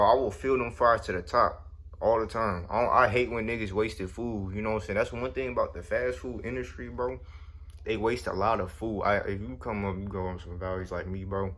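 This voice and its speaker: A young man casually telling a story in slangy speech, often saying "you know what I'm saying". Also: on the low side. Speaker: storyteller vlogger.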